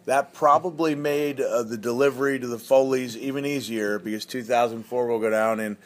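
A man's voice: mid-range voice, fairly even intonation, moderate pace. A middle-aged man telling a casual anecdote, rambling with plenty of fillers and restarts. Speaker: guest storyteller.

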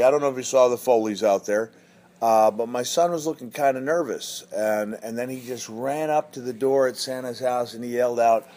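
A man's voice: mid-range voice, a little mellow. A middle-aged man telling a casual anecdote, rambling with plenty of fillers and restarts. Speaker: guest storyteller.

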